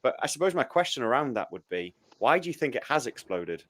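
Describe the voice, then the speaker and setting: A man's voice: mid-range voice, big pitch swings, a little fast, a bit bright. A man hosting a podcast, talking casually and reflectively, often stumbling through false starts. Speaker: podcast host. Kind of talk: casual chat.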